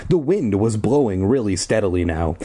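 Husky man reading a kids' book aloud. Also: on the low side, big pitch swings, moderate pace, dark tone. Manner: wry, profane asides. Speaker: audiobook reader. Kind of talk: reading a children's book aloud with joking asides.

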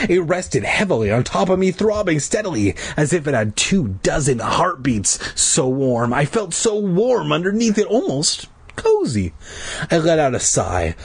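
A man's voice: a little high, husky. A man reading a first-person book aloud in a dramatic way, breaking off now and then to cough. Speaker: reader.

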